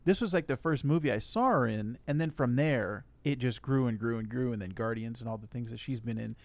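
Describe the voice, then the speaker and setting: A man co-hosting a casual podcast, talking through a movie and acting out characters' lines in quick asides. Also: mid-range voice, darkish tone, no echo. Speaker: podcast co-host. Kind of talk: casual movie review chat.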